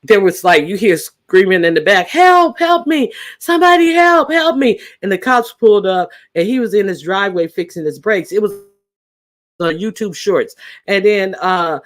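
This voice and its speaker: A man's voice: high-pitched, moderate pace, fairly bright tone. A man hosting a live stream, chatting casually with viewers in a rambling way, full of fillers and restarts. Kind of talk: casual chat.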